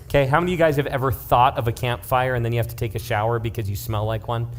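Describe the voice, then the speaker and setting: A man's voice: mid-range voice, very fast, a little hiss or hum. A young man giving a casual youth sermon as youth pastor. He jokes and keeps checking in with his listeners as he tells stories. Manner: joking, conversational, checks in with the audience; lively storyteller.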